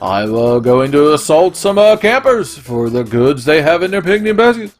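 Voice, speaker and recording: A man voicing a brash, jovial male cartoon bear, loud and raised in pitch. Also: very animated, moderate pace, faint music behind.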